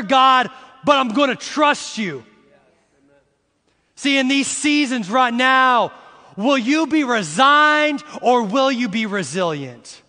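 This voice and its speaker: A middle-aged man preaching a sermon, repeating phrases slowly for emphasis and rising into shouts as he addresses the congregation. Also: very high voice, long reverb tail. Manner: uses "y'all" and "see" to address the congregation. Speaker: pastor.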